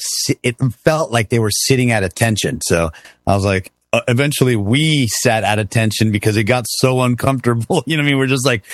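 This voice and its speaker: A middle-aged man from Miami tells stories as a guest on a casual chat show. He is animated and talks in bursts, with plenty of fillers and restarts. His voice sits in a middle range and sounds dry and close to the mic. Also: medium pitch, no room sound. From Miami, Florida.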